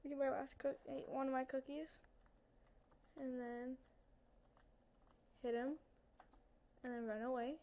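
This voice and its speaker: A woman's voice: high-pitched, little pitch movement, slow, long pauses, warm tone. Nervous young woman narrating her gameplay. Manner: nervous, chatty, talks to the game's creatures and to viewers. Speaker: gaming video creator. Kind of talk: casual gameplay commentary. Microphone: headset.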